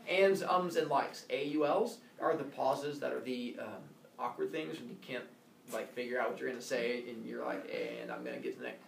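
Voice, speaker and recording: A male teacher explaining classroom rules in a playful, joking way, now and then shouting mock corrections. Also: medium pitch, moderate pace, vocal fry, reverberant, far from the mic, slight background noise. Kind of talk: classroom instructions. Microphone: phone recording from across the room.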